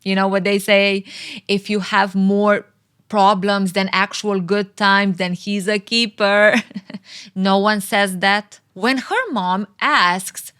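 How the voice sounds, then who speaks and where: A woman's voice: medium pitch, fairly even intonation, slow pace, fairly bright tone, clear, resonant tone. A woman vlogger giving sarcastic, teasing movie recap commentary, laughing often.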